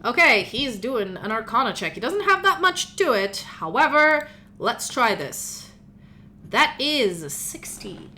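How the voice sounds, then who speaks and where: A woman narrating as game master of a tabletop role-playing game, chatty and animated. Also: a little high, unhurried, a little hiss or hum.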